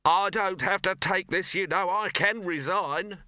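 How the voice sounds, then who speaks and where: A man's voice: sits high, a little slow, no room sound, studio quality, voice pushed up. A man voicing an indignant, hot-headed young man who raises his voice in protest. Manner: indignant and shouting.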